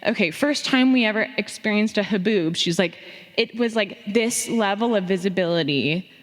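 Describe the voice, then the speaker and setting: A young woman from Phoenix tells a family story on a theater stage, animated and profane, acting out the lines she quotes. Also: mid-range voice, moderate pace. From Phoenix, Arizona. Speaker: audience member sharing a story on stage. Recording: long theater reverb.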